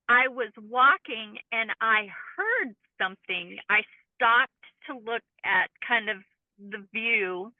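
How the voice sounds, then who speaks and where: A woman's voice: a little high, no echo. A woman, a cryptid field researcher and interview guest, earnestly recounting a personal encounter in detail. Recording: tinny phone-like call line, dry.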